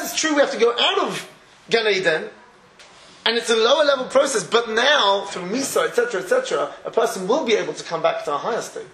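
Guy giving a torah class, kinda high voice, laughs a lot as he tells stories, echoey room. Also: slight background noise. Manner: animated storytelling, laughs often. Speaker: rabbi teaching Torah.

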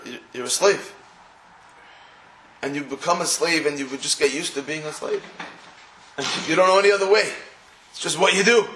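A man's voice: on the high side, fairly bright tone, roomy sound. A man giving a sermon in story form, acting out the voices he quotes and mixing in Hebrew and Yiddish terms. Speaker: religious speaker. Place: room in England.

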